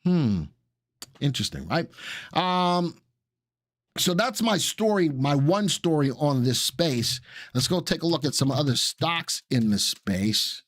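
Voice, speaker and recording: A man's voice: a little high, very animated, slow pace, no room sound, clean studio sound. A man with a Southern US accent, hosting a live stock analysis show and chatting casually with viewers while he walks through charts.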